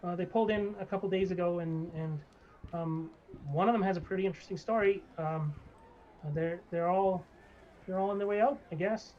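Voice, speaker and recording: A game master narrating a live-streamed tabletop game, hesitant with lots of pauses and restarts. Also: mid-range voice, highs cut off, a little hiss or hum. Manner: hesitant, many ums and restarts.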